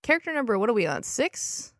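A woman's voice: fairly high pitch, sing-song, fast talker, no echo, clean studio sound. A woman, a regular on a comedy podcast, in casual improv chat, rambling as she makes up a story.

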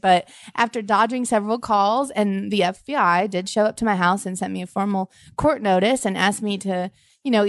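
A woman hosting a comedy podcast, playful and jokey, rambling through quick asides. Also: medium pitch, no room sound, clean studio sound. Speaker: podcast host. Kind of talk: comedic podcast chat and sung bit.

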